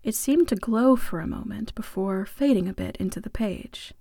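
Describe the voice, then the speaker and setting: A woman tells a first-person story with wry, playful humor and slips into soft whispers now and then. Her voice sits at an ordinary middle pitch. The recording is close and dry, with no room sound. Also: normal speed, vocal fry, no echo.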